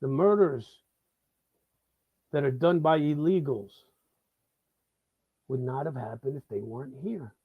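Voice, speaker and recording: A man's voice: medium pitch, measured pace, long pauses, breathy edge, dry recording, phone-quality sound. A man hosting a live show, delivering a profane, heated and sarcastic political rant. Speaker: host of a live talk show. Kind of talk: ranting political monologue.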